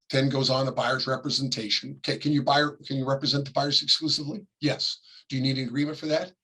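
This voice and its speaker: Man, middle-aged, classroom lecture, bright tone, slightly husky. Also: mid-range voice, level tone, poor audio. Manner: conversational, acts out quick examples, frequent coughs and throat clearing. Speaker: real estate ethics instructor.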